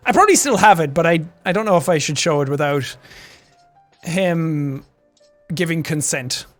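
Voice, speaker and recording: A young Irish man chatting casually on a stream, animated and quick to laugh. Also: fairly high pitch, soft background music. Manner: animated, chatty, laughs often, slips into character voices.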